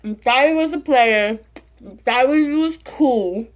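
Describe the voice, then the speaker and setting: Young woman, casual profane storytelling, somewhat high voice, animated. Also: a little slow. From Southern California. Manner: profane, animated, acts out quotes. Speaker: mukbang vlogger.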